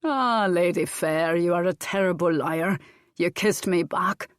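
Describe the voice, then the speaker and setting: A bold male Scottish laird, put on by a woman reading a romance audiobook, dry-humored and softly wooing. The voice sits on the lower side and the recording is dry and close. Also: a little slow, no echo, close to an everyday voice. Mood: teasing.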